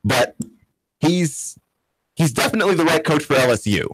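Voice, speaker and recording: A man co-hosting a sports radio show, giving measured opinions in casual chat. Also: fairly high pitch, big pitch swings, a bit bright, breathy edge, no room sound.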